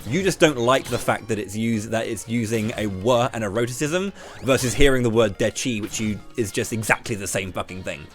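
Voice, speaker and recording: A British man with a slight lisp, streaming live and ranting to his chat while throwing quick questions at viewers. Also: lowish voice, faint music behind. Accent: British English. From Britain. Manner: ranty, talks straight to chat with quick questions.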